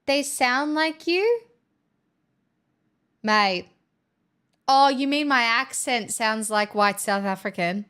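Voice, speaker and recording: A woman's voice: fairly high pitch, slow, long pauses, a bit bright, smooth. A young Australian woman chatting casually on a live stream, playful and a little dramatic. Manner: playful, self-mocking, dramatic. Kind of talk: casual chat.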